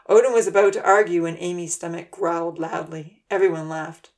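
A woman narrating a children's storybook aloud in a steady, gentle way. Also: lowish voice, fairly quick, few pauses.

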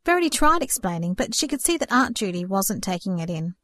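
A woman narrating a storybook in a steady, earnest reading voice. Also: lowish voice, a little fast, no room sound. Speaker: audiobook narrator.

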